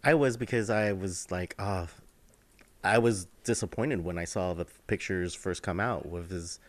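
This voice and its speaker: Podcast co-host, male, low voice, casual storyteller, filler-heavy, dry recording. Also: measured pace, no echo. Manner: relaxed storytelling with many fillers. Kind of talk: casual chat.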